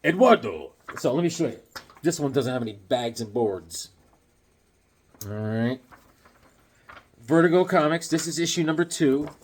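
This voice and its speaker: Animated high-voiced man telling stories. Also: measured pace, long pauses, husky. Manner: animated, acts out voices and yelps mid-story. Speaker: comic collector vlogger. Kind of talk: casual storytelling while showing comics.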